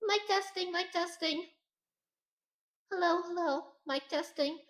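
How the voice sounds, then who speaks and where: A man putting on a strained falsetto fighter woman. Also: a little slow, a bit bright. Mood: testing. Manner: effortful, voice cracking. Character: female game character Hannah, grunting in combat.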